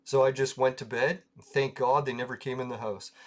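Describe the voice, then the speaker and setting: A man's voice: medium pitch, steady tone, moderate pace, slight background noise. A man hosting his own show, telling a rambling, profane story in a casual way and laughing along at it. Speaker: podcast host.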